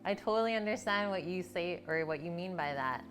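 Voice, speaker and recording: A woman with a low voice hosts a relaxed live cooking stream from her home kitchen, talking through each step as she works. Faint music and the clink of dishes sit behind her. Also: fairly quick. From Canada. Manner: chatty, explains cooking steps as she goes. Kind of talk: casual live cooking chat.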